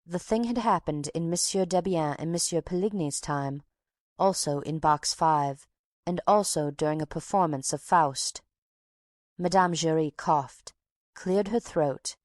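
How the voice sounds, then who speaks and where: Woman reading an audiobook, low voice, dry close sound, steady. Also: measured pace, no echo. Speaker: audiobook narrator. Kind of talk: scripted narration.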